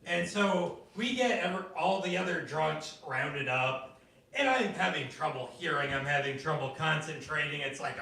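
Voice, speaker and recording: A man doing stand-up at an open mic, telling stories in an animated way and jumping into high voices for the people he quotes. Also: moderate pace, creaky. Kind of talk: stand-up storytelling. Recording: echoey room, from a distance.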